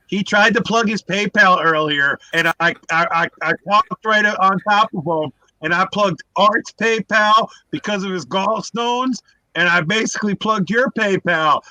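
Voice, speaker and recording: A man's voice: high voice, unhurried, pushed and bright, no room sound, low-quality recording. A man hosting a casual livestream, teasing his guests and boasting a little. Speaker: livestream host.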